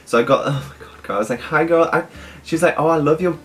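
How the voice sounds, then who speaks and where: A young man, telling an excited storytime vlog and gushing as he quotes the people he met. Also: a little high, fast talker. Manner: gushing, animated, quotes others in lively asides. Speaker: vlogger.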